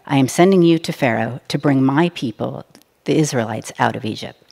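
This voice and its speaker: A woman reading a Bible passage aloud in a steady, measured way during a church service. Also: extremely low pitch, gravelly, slightly rough. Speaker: scripture reader.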